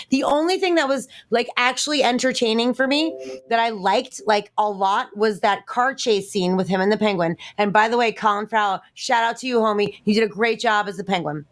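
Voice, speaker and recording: Woman, fairly high voice, podcast guest, profane, ranting, filler-heavy. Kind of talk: casual panel chat.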